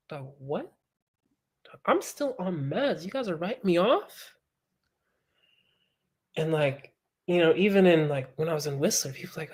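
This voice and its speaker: With a fairly high pitch, a moderate pace, and long pauses, a pro mountain biker recounts a story in laid-back conversation. He stays animated, curses, and voices the people he quotes.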